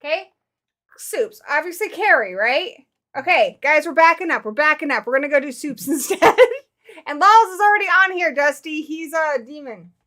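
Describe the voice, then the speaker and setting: Bright, high-voiced woman hosting a livestream. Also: animated, normal speed. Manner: chatty, addresses viewers directly, laughs easily. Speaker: livestream host. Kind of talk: casual live chat.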